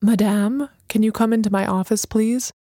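A woman's voice: mid-range voice, fairly even intonation, moderate pace, mellow, no room sound, studio quality, close to an everyday voice. A woman voicing an eccentric old man who acts as a busy professor, speaking formally and muttering.

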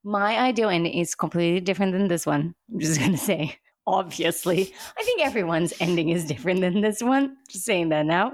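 A woman co-hosting a casual TV recap podcast, talking excitedly with emphatic repeats and laughter. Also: on the low side, brisk, hardly any pauses, no echo, studio quality. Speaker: podcast co-host.

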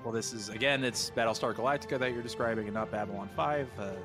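A man's voice: mid-range voice, fast talker, music in the background. A man co-hosting a podcast, chatting casually and animatedly as he recaps a TV episode, laughing often and swearing now and then. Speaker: podcast co-host.

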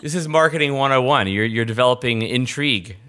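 Male podcast host, bright forceful voice, talkative and animated, studio mic. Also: mid-range voice, a little fast. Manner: chatty, animated, rambling asides. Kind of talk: casual interview chat.

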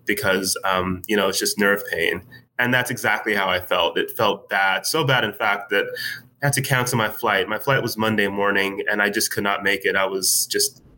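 Bright-toned man telling a story. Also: lowish voice, moderate pace, slight background noise, low-quality recording. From United States. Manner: relaxed storytelling with many fillers. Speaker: writer, podcast guest. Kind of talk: casual interview conversation.

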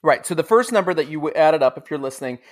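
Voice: mid-range voice, animated, fast talker. A podcast host in casual chat, upbeat and guiding listeners with short prompts.

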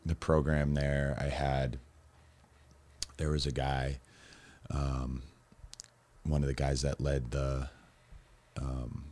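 A man's voice: rumbling low, little pitch movement, takes it slowly, long pauses, a little mellow. A man telling his own story as a guest, rambling and candid, with lots of restarts and fillers. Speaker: guest recounting his recovery.

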